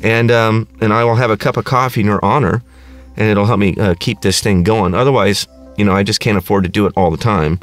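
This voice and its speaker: A man's voice: lowish voice, steady tone, a little fast, faint music behind. A middle-aged man hosting his own podcast, ranting casually in a crass, sarcastic, rambling way. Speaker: podcast host. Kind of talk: casual comedic rant.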